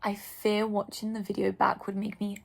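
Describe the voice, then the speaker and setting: A woman's voice: medium pitch, monotone, normal speed, creaky, a little mellow. A young woman vlogging in a casual, gushing way, full of "like" and fond asides. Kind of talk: casual chat.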